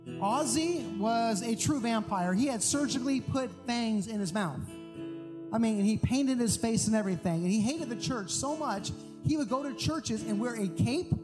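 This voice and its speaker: A man preaching a sermon as pastor, telling stories in an animated, emphatic way. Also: very high-pitched, moderate pace. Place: large church hall. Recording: long hall reverb with music. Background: guitar music.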